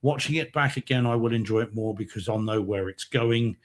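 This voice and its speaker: A man's voice: mid-range voice, brisk. A man co-hosting a podcast in casual chat, rambling and hesitant with repeated words. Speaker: podcast co-host.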